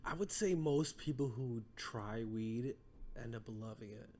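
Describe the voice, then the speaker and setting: A man's voice: mid-range voice, a little slow, dark tone, a little hiss or hum. A man as a podcast guest, telling long rambling stories in casual chat, full of fillers. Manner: rambling storytelling with many fillers.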